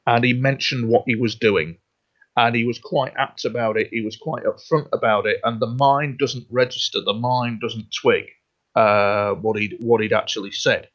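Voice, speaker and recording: Guy rambling on a radio show, mid pitch, keeps repeating himself, dull lo-fi sound. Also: steady tone, normal speed, fairly bright tone. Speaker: guest. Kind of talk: radio interview.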